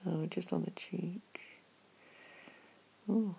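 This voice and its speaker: A person doing a whispered role-play, murmuring softly and sleepily as an unwell partner being cared for. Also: medium pitch, fairly even intonation, drawn-out words, slight background noise. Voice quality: gravelly creak. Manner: soft, sleepy, affectionate murmuring.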